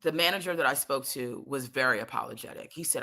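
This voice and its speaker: A woman telling a comic story in an animated, exasperated way, swearing freely. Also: extremely low pitch, fast talker, creaky.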